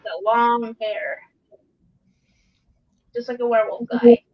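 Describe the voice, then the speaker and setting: A woman chatting casually on a live stream, soft-spoken with brief replies. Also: on the high side, fairly even intonation, slow pace, no echo. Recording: dry, dull lo-fi audio.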